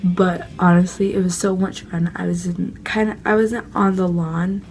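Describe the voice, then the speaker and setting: A young woman vlogger excitedly telling a casual story, gushing and full of fillers. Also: fairly low pitch, moderate pace.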